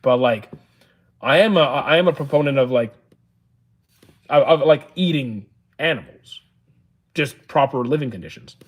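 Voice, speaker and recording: A man's voice: mid-range voice, animated, moderate pace, long pauses. A man streaming live, reading viewers' questions aloud and answering them plainly, with frequent "uh"s. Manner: reads chat questions aloud, answers matter-of-factly with many "uh"s.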